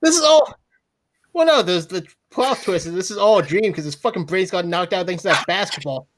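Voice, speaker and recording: A man's voice: high voice, lively intonation, a little fast, fairly bright tone. Young man with wry, crude commentary. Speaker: podcast co-host. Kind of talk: casual comedic film review chat.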